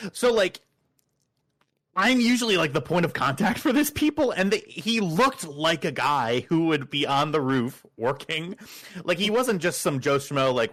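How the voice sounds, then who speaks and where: A man's voice: mid-range voice, fairly bright tone. A man chatting casually with friends, retelling a work story and acting out the quoted dialogue. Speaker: podcast regular.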